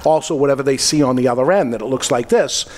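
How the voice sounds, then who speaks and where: Guy who owns a podcast studio, telling a story, acts out what people said, pretty average pitch. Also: quick pace. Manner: animated storytelling, acting out quoted dialogue. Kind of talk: casual panel talk.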